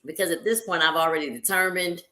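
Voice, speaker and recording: Speaking quickly in a lowish voice, a woman chats casually with her livestream viewers, whom she addresses as y'all. She comes across bright and animated, with frequent laughter, and the room around her is noticeably echoey.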